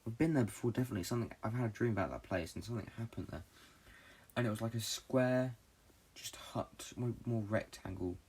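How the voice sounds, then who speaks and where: A young man from Britain, a podcast host, telling a long dream story in a fast, rambling way with lots of swearing and fillers. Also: on the low side, a little mellow, husky.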